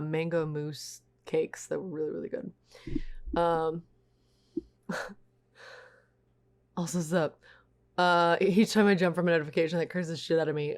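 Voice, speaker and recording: Casual woman streamer, a little low-pitched, chatting with her viewers. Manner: chatty, reads chat aloud. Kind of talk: casual chat with live chat.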